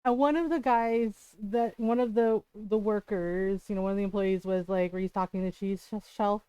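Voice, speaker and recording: A woman's voice: mid-range voice, fairly even intonation, normal speed, mellow, smooth, no room sound. A woman livestreamer telling a story in casual chat, full of "like" and "right?", swearing freely when exasperated. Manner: chatty, peppered with "like" and "right?".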